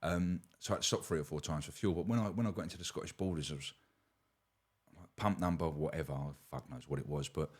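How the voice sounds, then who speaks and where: Deep-voiced sweary man. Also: fast, hardly any pauses, darkish tone, breathy edge. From Kent, England. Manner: blunt, sweary, rambling storyteller. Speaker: podcast guest. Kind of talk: casual chat.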